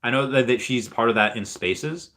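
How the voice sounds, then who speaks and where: A man's voice: mid-range voice, moderate pace, bright, forceful tone. A young man hosting a casual livestream, rambling in an upbeat way as he reads viewer comments aloud. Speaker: livestream host reading chat.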